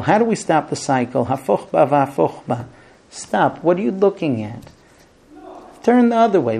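A rabbi lecturing on marriage, acting out bickering spouses and quoting Hebrew phrases before translating them. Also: male voice, fairly high pitch. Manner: animated, acts out squabbling spouses in quoted dialogue. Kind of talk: spoken lecture.

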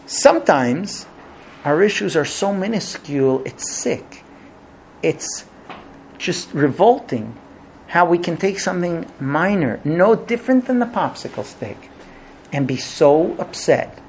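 A man's voice: fairly high pitch, very animated, unhurried, slight background noise. A man giving a Bible lesson, telling the story animatedly and acting out quotes. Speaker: Torah teacher.

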